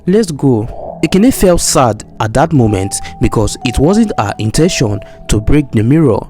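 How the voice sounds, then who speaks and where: A man narrating a folktale in a steady, plain storytelling manner with expressive rises. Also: medium pitch, normal speed, soft background music.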